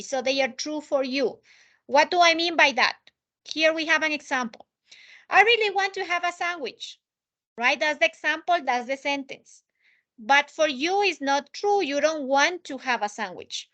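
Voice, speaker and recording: A woman's voice: high-pitched, sharp tone. A woman teaching an online English lesson, explaining patiently and checking in with her students often.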